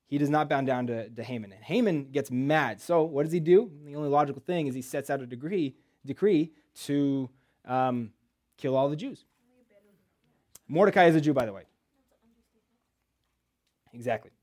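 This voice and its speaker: This church sermon comes from a man whose voice sits at medium pitch with a darkish color. He recounts a Bible story in a loose, joking style, full of rhetorical questions and fast side comments.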